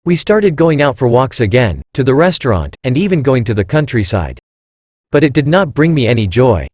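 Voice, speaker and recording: Man reading a story with lively pitch. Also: normal speed, dry recording, studio quality. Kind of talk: scripted story narration.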